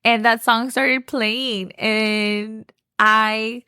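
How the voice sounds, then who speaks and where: A woman's voice: a little high, fairly even intonation, drawn-out words, sharp tone, clear, resonant tone, no echo, studio quality. Chatty young woman, lilt. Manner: chatty, gushing, says "like" often. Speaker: podcast host. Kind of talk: casual storytelling.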